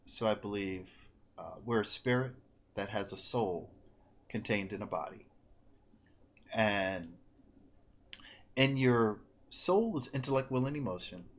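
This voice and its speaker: A man's voice: lowish voice, animated, a little slow, long pauses. A man hosting a podcast in casual chat, laughing often, rambling and correcting himself, coming down with a cold. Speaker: podcast host and psychic medium. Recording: slightly dull lo-fi audio.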